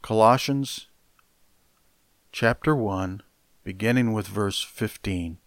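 Slow, emphatic low-voiced preacher. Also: male voice, dry recording, clean studio sound. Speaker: pastor. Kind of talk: sermon.

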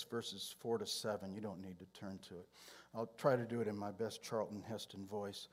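Man teaching a sermon, measured. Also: lowish voice, fairly even intonation. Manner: measured teaching delivery with frequent throat-clearing. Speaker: Bible teacher.

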